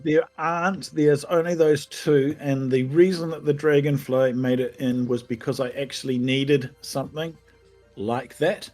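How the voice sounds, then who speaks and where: A man's voice: on the high side, steady tone, unhurried, darkish tone, faint music behind. A man, a game developer, answering interview questions in a thoughtful, easygoing way that is often hesitant.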